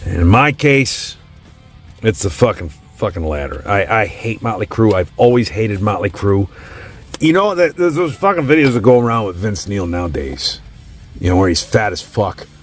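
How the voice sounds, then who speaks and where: A man's voice: fairly low pitch, expressive, normal speed. A man casually ranking music in a profane, opinionated rant. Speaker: host.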